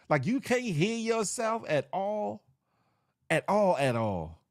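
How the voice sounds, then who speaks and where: Man, livestream host, casual joking chat, slangy and animated, slightly high voice, dry close mic. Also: unhurried, gravelly, no room sound. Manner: animated, loose and joking, with slang and sound effects. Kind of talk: casual live chat reacting to viewers.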